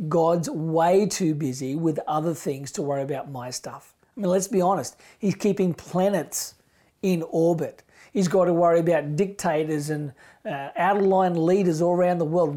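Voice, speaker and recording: This middle-aged man's voice is on the high side as he delivers an impassioned sermon as pastor. His delivery alternates between booming emphasis and quiet, almost whispered moments.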